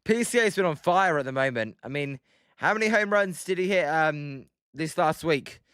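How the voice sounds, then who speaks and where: A young British man hosting a live stream, calling each pitch and chatting with viewers in the chat. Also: lively intonation, normal speed, fairly bright tone, clean tone, dry recording, clean studio sound. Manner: chatty, reads chat aloud between pitch calls. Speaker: livestream host. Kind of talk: live play-by-play commentary with chat.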